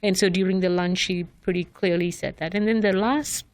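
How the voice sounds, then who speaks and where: A woman's voice: on the low side, a little fast. Woman explaining a work program. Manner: steady, explanatory, with fillers. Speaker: program director guest. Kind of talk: casual explanation on a podcast.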